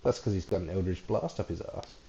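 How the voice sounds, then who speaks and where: A man's voice: low-pitched, quick pace, dark tone, highs cut off, slight background noise. A man playing in a tabletop game, chatting casually, joking, laughing and swearing. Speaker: player.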